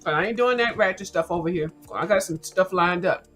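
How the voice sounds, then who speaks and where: A woman's voice: on the low side, brisk, faint music behind, low-quality recording. Sassy, blunt woman chatting while snacking. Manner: sassy, blunt, cusses freely, chews loudly into the mic. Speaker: livestream host. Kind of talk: casual chat while snacking.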